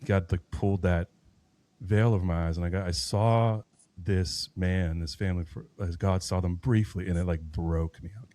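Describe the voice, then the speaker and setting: A man's voice: low voice, steady tone, normal speed, warm tone, no room sound. A man in his thirties, a podcast guest, telling a personal faith story in an earnest, rambling way with many restarts. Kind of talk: personal faith testimony in conversation.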